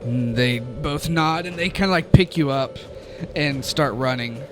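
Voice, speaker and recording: A man narrating as game master of a tabletop game, halting and laughing often. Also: medium pitch, over music.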